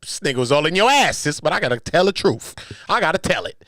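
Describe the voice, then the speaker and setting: A man hosting a live reaction show. He reads a document aloud and comments on it in an animated, profane way, swinging between shouting and muttering. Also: fairly high pitch, fast, no echo. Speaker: host.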